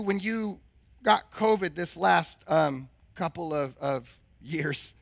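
A male pastor preaching a sermon with a hoarse, husky voice, since he has lost his voice, and asking the congregation questions. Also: fairly high pitch, lively intonation, slow pace, dry recording.

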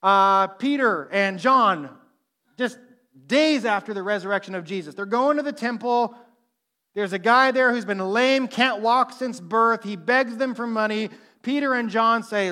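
A young man preaching a sermon, telling stories with lively acted-out quotes and dropping to a hush for emphasis. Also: high voice, normal speed. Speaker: pastor.

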